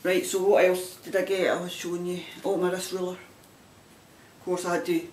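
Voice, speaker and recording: A chatty Scottish woman rambles cheerfully as she shows off her knitting finds. She sits back from the mic in a roomy space, with a faint hum of background noise. Her pitch sits mid-range for a woman. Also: flat delivery, moderate pace, darkish tone, distant mic. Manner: chatty and rambling, with frequent laughs. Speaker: knitting vlogger. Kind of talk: casual chat showing items to camera.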